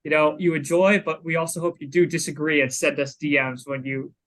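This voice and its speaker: A man's voice: a little high, little pitch movement, brisk, fairly bright tone, poor audio. A man co-hosting a sports podcast, talking casually with lots of filler words. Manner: chatty, lots of "you know" fillers. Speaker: podcast co-host.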